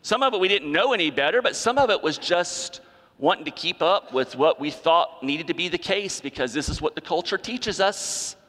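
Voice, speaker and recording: A man's voice: high voice, bright, forceful tone. A male pastor preaching a sermon, driving points home with repetition and rhetorical questions. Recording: long hall reverb.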